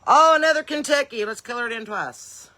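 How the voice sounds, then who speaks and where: Woman comedian, crisp and sharp-toned, runs a casual live stream from her porch with an upbeat, folksy flow. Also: fairly high pitch, lively intonation, a little fast. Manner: folksy, upbeat, bursts of loud welcomes between rambling asides. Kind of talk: chatty live-stream greetings to viewers. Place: home porch in the evening.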